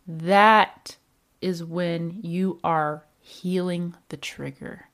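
A woman giving a reflective motivational talk as a self-help speaker, in a calm coaching tone that poses many questions to the listener. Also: on the low side, extremely slow.

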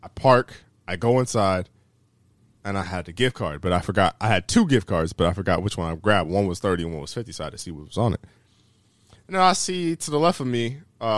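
A young man co-hosting a podcast, telling a story in a lively, animated way, jumping into high voices for the people he quotes and laughing mid-sentence. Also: no echo. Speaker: podcast co-host. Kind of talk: casual storytelling chat.

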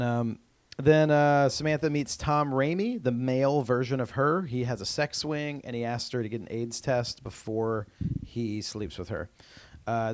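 A man recaps a TV episode in loose, casual podcast chat, his pitch sitting at an ordinary middle height. He pads his sentences with "um" and "uh" and restarts them often. The sound is dry and close, with no room around it. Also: no room sound. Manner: rambling with many fillers and restarts. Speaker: podcast co-host.

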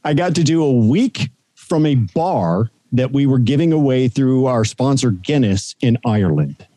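Man, radio broadcaster, mellow dark voice, dry close sound, casual anecdotes. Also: medium pitch, normal speed, no echo. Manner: storytelling, animated anecdotes. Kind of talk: casual interview chat.

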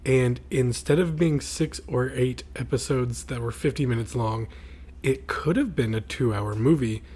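A man's voice: mid-range voice, normal speed, a little mellow. A married man co-hosting a podcast in casual chat, rambling with fillers and restarts. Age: adult, married. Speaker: podcast co-host.

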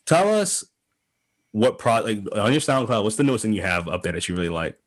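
A man's voice: fairly low pitch, sing-song, a little fast. A man hosting a podcast, telling a long story in casual chat, full of restarts and acted-out quotes. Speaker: podcast host.

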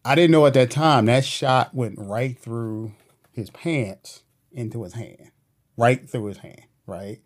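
Man telling a police story, animated. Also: medium pitch, slow pace. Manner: animated retelling with slang and quoted voices. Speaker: police officer guest. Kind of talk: casual storytelling interview. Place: podcast studio.

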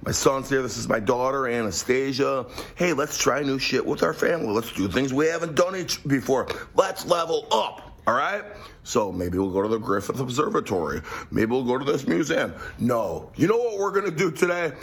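A man telling a brash, profane story straight to the camera, with a husky voice. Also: mid-range voice, expressive, normal speed. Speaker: social media video creator. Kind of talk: monologue to camera.

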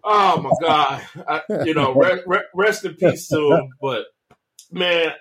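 A man co-hosting a church podcast, telling a funny childhood story in a relaxed way. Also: fairly high pitch, slow. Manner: relaxed, laughs through his story. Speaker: podcast co-host. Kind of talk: casual storytelling chat.

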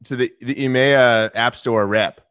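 Rambling man with a bright, dry voice. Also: medium pitch, fairly even intonation, measured pace, clear, resonant tone, no room sound. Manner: rambling, with frequent restarts and fillers. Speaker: podcast guest. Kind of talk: casual chat.

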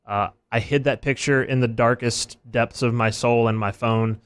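A man hosting a casual sports podcast, talking in quick, animated bursts and joking at his own expense. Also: medium pitch, smooth. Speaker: podcast host.

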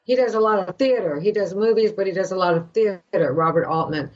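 An older woman from Canada, an actress guest, telling an animated story and acting out the voices of the people in it. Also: mid-range voice, fast, dull audio. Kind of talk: animated anecdote in a podcast interview.

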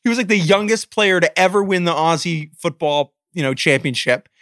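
A man's voice: high-pitched, animated, fairly quick, a bit bright, no echo, clean studio sound. A man co-hosting a casual sports podcast, playful and chatty as he tells player stories. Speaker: podcast co-host.

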